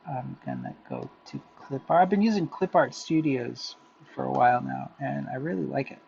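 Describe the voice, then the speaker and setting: A man chatting casually to viewers while he draws, rambling and muttering softly to himself. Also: mid-range voice, big pitch swings, moderate pace, gravelly, highs cut off, a little hiss or hum. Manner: rambling, self-talking, drifts into soft muttering. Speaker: drawing vlogger. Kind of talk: casual talk while drawing. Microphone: headphones with mic.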